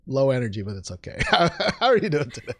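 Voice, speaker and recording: A man's voice: mid-range voice, very animated, quick pace, fairly bright tone. Young guy hosting a chatty podcast, voice bounces up and down a lot, lots of ums. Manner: rambling, self-deprecating, with frequent fillers and restarts. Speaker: podcast host. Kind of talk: casual chat.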